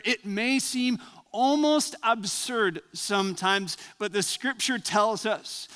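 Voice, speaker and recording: A man's voice: high-pitched, bright, forceful tone, clean tone, long reverb tail. A man preaching as a pastor, praying and then telling a story in an earnest, reflective way. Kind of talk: sermon.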